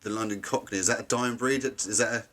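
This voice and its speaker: A man's voice: fairly low pitch, fairly even intonation, brisk, a bit bright. A man interviewing a guest, asking long rambling questions full of "obviously".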